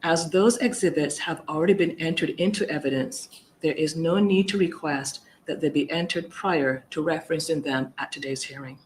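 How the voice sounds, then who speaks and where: A woman commissioner presiding over a hearing, reading out procedure in a formal, measured and firm way. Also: sits low, slight background noise, rough recording.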